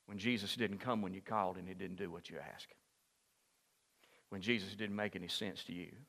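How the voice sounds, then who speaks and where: A man preaching a sermon as pastor in a church, moving from hushed asides to loud, impassioned peaks. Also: low-pitched, fairly even intonation, moderate pace, long reverb tail. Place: church sanctuary.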